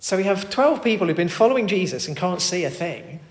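A man preaching a sermon, earnest, moving between loud emphatic calls and soft, quiet pleading. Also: high voice, big pitch swings, a little fast. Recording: echoey hall with long reverb.

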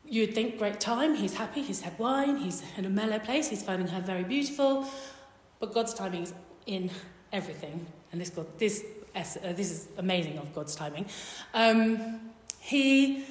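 A woman's voice: medium pitch, expressive, normal speed. A woman retelling a Bible story in a sermon, chatty and humorous, with wry asides. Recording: echoey hall reverb.

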